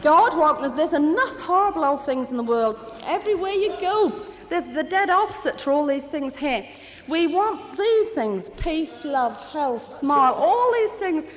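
A woman's voice: sits high, expressive, a little slow. A woman giving a rambling, fervent spoken testimony at a church meeting. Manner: rambling, fervent, with many restarts. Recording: hall reverb.

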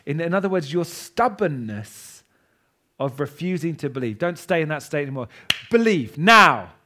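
A man preaching a sermon to a congregation in a church. He talks with passion, swinging between loud declarations and hushed asides. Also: fairly high pitch, animated, normal speed, noisy background.

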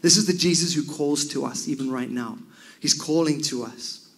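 Man, preacher, passionate sermon, slightly high-pitched, loud-to-soft swings. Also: normal speed. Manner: passionate, rises to loud cries and drops to near whispers.

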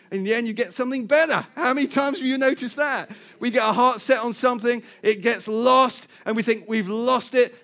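Animated high-voiced male preacher. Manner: animated storyteller, laughs often, repeats words. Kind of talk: sermon with personal story.

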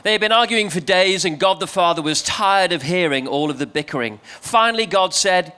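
A playful man leading a family church talk, joking and urging the crowd to join in. His voice is high and bright. He talks to the congregation in a lively, coaxing way. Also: a little fast, few pauses, clear, resonant tone. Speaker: preacher.

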